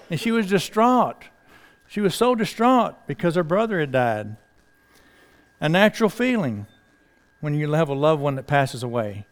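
Folksy preacher man with a slightly high voice. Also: lively intonation, moderate pace, smooth. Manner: conversational, folksy, with fillers and rhetorical questions. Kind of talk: sermon.

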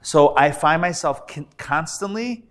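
A man, a rabbi, teaching a live Hebrew reading class, sounding out syllables slowly and patiently checking that his students follow. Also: on the high side, lively intonation. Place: classroom before a live audience.

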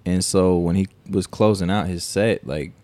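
Brief: man, low mellow voice, dry close mic, animated profane podcast storyteller. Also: moderate pace, dry recording. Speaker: podcast co-host. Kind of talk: casual storytelling chat.

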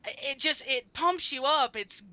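A woman's voice: high-pitched, unhurried, bright, forceful tone, no room sound, highs cut off. A woman hosting a music podcast in casual chat. She talks in a chatty way, laughs often and uses many fillers. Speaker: podcast host.

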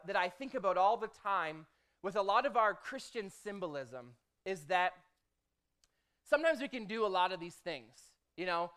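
This is a pastor with a clear, smooth voice at an ordinary middle pitch, giving a sermon in a relaxed, talkative way. They tell a personal story and act out the prayers they spoke to God. They keep checking in with the listeners by asking "okay?" and "right?". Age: adult, formerly a motivational speaker. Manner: conversational, punctuates with "okay?" and "right?"; lively storytelling, acts out own quoted prayers.

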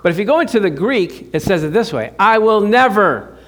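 Man preaching, pastor, middle-aged, somewhat high voice, conversational and emphatic. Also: sing-song, fast talker, a little mellow. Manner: chatty, joking with the congregation. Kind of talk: sermon.

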